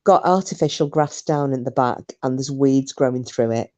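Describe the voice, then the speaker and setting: A middle-aged woman with a low, deep voice talks to her live audience. She rambles from one thought to the next and swears offhandedly. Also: moderate pace, a little mellow. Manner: chatty, rambling, swears casually. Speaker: livestream host reading chat. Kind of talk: casual live chat with viewers.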